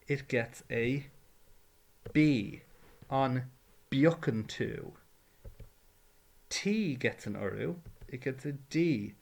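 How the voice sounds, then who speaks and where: A man's voice: mid-range voice, lively intonation, extremely slow, gravelly, pauses often. A man teaching a patient, step-by-step grammar lesson. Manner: patient, explains carefully, drills verb forms. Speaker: Irish language teacher.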